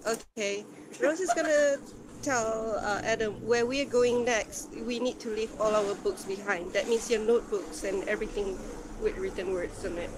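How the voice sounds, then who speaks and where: A woman's voice: on the high side, moderate pace, crowd noise. A woman playing a tabletop game, speaking hesitantly in character. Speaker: player. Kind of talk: casual tabletop game chat.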